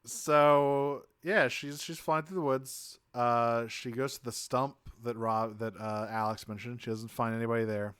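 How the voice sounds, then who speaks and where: A man's voice: mid-range voice, steady tone, unhurried, few pauses, a bit bright, smooth, dry recording. A man co-hosting a podcast, animatedly recapping a cartoon episode with laughs and quoted lines. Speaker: podcast co-host. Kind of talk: casual chat recapping a cartoon.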